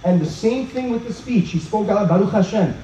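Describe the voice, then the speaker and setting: A man giving an inspirational talk at an outdoor evening gathering, telling stories in an animated way and acting out the dialogue. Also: high voice, a little fast, slight background noise. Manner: animated storyteller who acts out quoted dialogue. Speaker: speaker at a religious event. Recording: roomy, dull sound from a distance.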